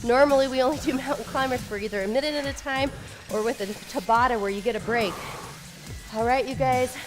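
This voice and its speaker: Her voice sits high and her delivery is brisk as she runs a follow-along workout set to music. The instructor offers cheerful motivation between breathless gasps.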